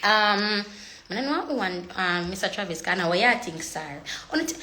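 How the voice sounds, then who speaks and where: A woman's voice: medium pitch, lively intonation, normal speed, sharp tone, slight background noise. A young woman chatting casually on a phone livestream, slipping into patois and laughing often. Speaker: social media personality.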